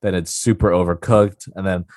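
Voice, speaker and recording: A young man with a very low voice talks in a relaxed, earnest podcast chat, filling his sentences with "like" and little restarts. The sound is dry and close, with no room around it. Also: normal speed, no echo. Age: young adult. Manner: earnest, chatty, lots of fillers. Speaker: podcast co-host. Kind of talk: casual chat.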